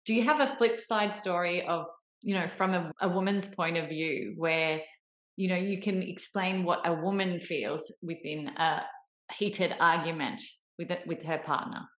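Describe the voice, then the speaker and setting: A woman hosting a podcast, asking measured, thoughtful interview questions. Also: fairly low pitch, a bit bright, echoey room. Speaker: podcast host.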